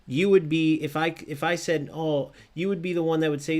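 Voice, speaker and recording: A man giving live gameplay commentary on a football video game, ranting and arguing with viewers in an animated, direct way. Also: on the high side, moderate pace.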